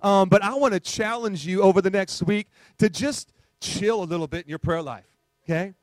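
A male pastor preaching a conversational sermon, animated and full of rhetorical questions to the congregation. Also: high-pitched, moderate pace, no echo.

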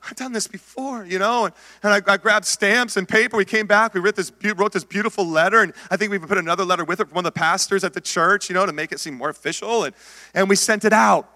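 A middle-aged man preaching a sermon, telling his own story with lively acted-out lines and calling out to the congregation. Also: high voice, fast. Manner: animated storytelling, acts out his own past words; calls out to the congregation. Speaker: pastor. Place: church sanctuary. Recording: long hall reverb.

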